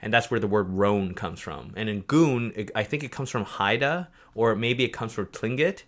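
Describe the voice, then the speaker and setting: A man's voice: fairly low pitch, expressive, normal speed. A young man on a livestream explaining a map project, rambling with lots of fillers and self-corrections. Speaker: project co-creator presenting a map.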